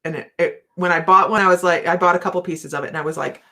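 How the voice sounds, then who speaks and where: A woman's voice: fairly low pitch, fairly even intonation, fast, pushed and bright. A middle-aged woman hosting a casual live chat with viewers, chatty and self-mocking, breaking into laughter often. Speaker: host of a psychic live chat.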